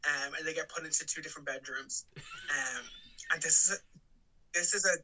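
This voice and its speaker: Very bright-voiced male podcast co-host. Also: a little high, moderate pace, poor audio. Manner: rambling, lots of "like", laughs often. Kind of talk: casual film chat.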